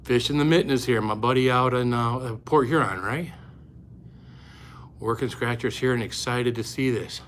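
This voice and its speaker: A man's voice: mid-range voice, normal speed, a bit bright, slight background noise. A man hosting a live stream about eating hot peppers, chatting casually and greeting viewers by name, a little out of breath, talking into a phone camera indoors. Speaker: pepper-eating channel host. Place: indoors, upstairs room. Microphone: phone camera at close range.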